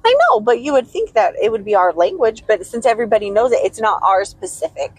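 A woman's voice: a little high, lively intonation, fast talker, slightly rough, dry recording. A woman from the United States co-hosting a podcast in casual chat, blunt and emphatic and swearing freely. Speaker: podcast co-host.

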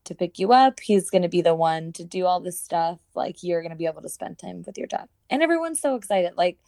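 Woman, podcast co-host, animated, chatty, lowish voice, dry close sound. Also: brisk, vocal fry, no room sound. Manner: animated, chatty, laughs while retelling scenes. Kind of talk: casual chat.

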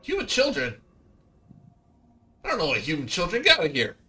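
A man voicing a small, grumpy, easily flustered dragon-like creature in a squeaky, whiny voice. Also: huge pitch swings, a little fast, bright, forceful tone, heavily acted. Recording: low-quality home audio.

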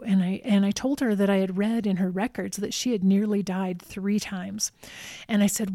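A woman who visits a nursing home tells a personal story in a calm, measured way, repeating words for emphasis. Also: mid-range voice, dry recording, clean studio sound.

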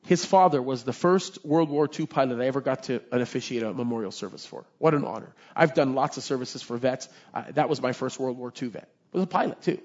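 A man's voice: medium pitch, fast talker, few pauses, darkish tone, dull audio. A man preaching a sermon as pastor, impassioned and conversational, often asking his listeners to agree.

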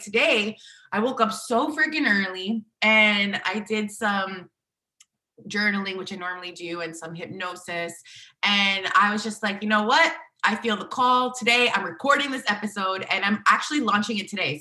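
A woman in her thirties talks through a solo podcast episode in a chatty, bubbly way, scattering "like" through her sentences. Her voice is bright and forward, still a bit rough from the morning, and it rings in a noticeably echoey room. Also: mid-range voice. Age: 30s. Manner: chatty, bubbly, filler-heavy with "like". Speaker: podcast host and inner child healing coach.

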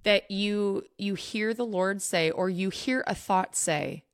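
A woman's voice: mid-range voice, slow, smooth, dry recording, clean studio sound. A woman hosting a faith podcast, talking earnestly and emphatically straight to her listeners. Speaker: podcast host. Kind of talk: faith teaching podcast talk.

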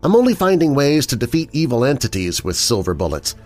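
A male narrator voicing a young woman, the hero's sister, who speaks in a measured, matter-of-fact way. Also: mid-range voice, very animated, a little mellow, soft background music, voice pushed up, lightly acted.

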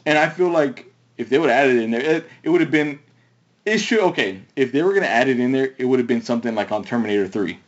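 A man's voice: medium pitch, fast talker, lo-fi sound. A man co-hosting a casual movie chat, rambling and restarting his sentences. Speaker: podcast co-host.

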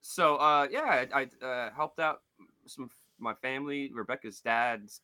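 A man co-hosting a podcast in casual chat, animated and swearing, jumping into high voices when he quotes people. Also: unhurried, clear, resonant tone, no room sound, clean studio sound. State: limping with a foot injury. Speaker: podcast co-host.

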